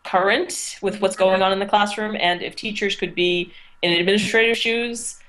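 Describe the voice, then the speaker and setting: A woman's voice: mid-range voice, steady tone, moderate pace, a bit bright. A middle-aged woman, a teacher, talking through her experiences in a casual interview, thoughtful and full of restarts. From United States. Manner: thoughtful, storytelling, frequent restarts.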